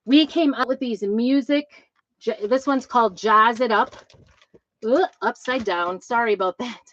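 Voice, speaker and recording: A woman's voice: fairly high pitch, unhurried, a bit bright, dry recording. Chatty woman in a dull, dry recording. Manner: chatty and rambling, with frequent ums; self-described trumpet player, fussy about instrument details. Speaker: craft business owner showing new designs. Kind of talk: casual show-and-tell vlog.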